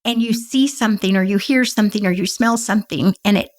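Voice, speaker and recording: A middle-aged woman co-hosting a podcast, talking gently and reassuringly about grief and guilt. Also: mid-range voice, quick pace. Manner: gentle, reassuring, acts out inner thoughts. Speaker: podcast co-host. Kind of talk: conversational advice talk.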